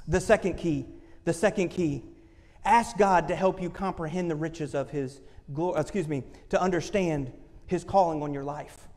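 A man's voice: a little high, normal speed, a little mellow. A man preaching a sermon as pastor, impassioned and acting out quoted voices. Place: church sanctuary. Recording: long hall reverb from a church.

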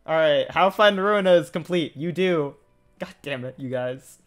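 A young man livestreaming a game, jokey and quick to get worked up, his voice shooting up when indignant. He sits a little high in pitch for a man, on a desk mic. Faint music plays underneath. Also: expressive. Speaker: VTuber streamer. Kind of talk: casual livestream chat.

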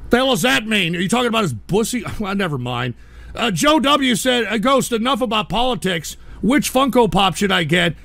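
A man hosts a live stream in an angry, exasperated rant, swearing at his chat and breaking into shouts. His voice sits very high for a man and carries a gravelly fry. It has a sharp, bright edge. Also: very animated, moderate pace, no room sound. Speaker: live-stream show host. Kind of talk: ranting live-stream commentary reading chat.

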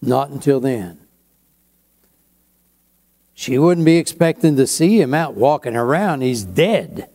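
Pastor, male; slow, unhurried sermon delivery with a warm, mellow tone and chatty asides. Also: mid-range voice, expressive. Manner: slow, conversational preaching with asides.

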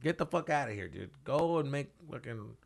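A man co-hosting a comedy podcast, talking in a casual, profane, animated way with mock voices. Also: mid-range voice, fairly quick, gravelly. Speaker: podcast co-host.

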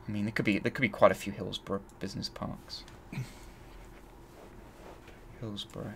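A man's voice: lowish voice, fairly even intonation, fairly quick, gravelly, pauses often, a bit bright, slight background noise. A man hosting a let's play, thinking aloud and grumbling as he searches. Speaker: gaming channel host.

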